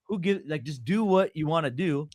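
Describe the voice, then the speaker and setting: A man hosting a laid-back podcast chat, his voice sitting a little on the high side. He rambles, restarts his sentences and swears casually. The sound is close and dry, with no room around it. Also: lively intonation, moderate pace, darkish tone, no echo.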